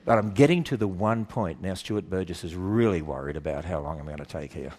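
A man giving an emphatic talk to a church audience, firing questions at the listeners and acting out quoted voices in quick exchanges. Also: deep voice, a little mellow. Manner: acts out quoted voices in quick back-and-forth. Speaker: speaker.

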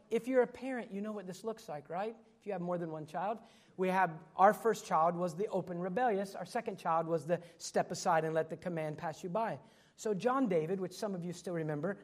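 A man's voice: high voice, darkish tone. A middle-aged man preaching a sermon as pastor, earnest, acting out quoted voices and dropping to sudden whispers.

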